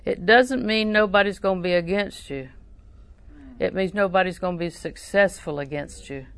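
A woman's voice: on the low side, normal speed, smooth. A woman preaching a sermon, telling a story and quoting scripture, asking the listeners questions as she goes.

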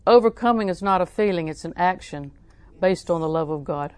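A woman's voice: lowish voice, brisk, a little mellow, smooth, no room sound. A woman preaching a sermon, telling folksy stories with frequent laughs and repeating scripture lines for emphasis.

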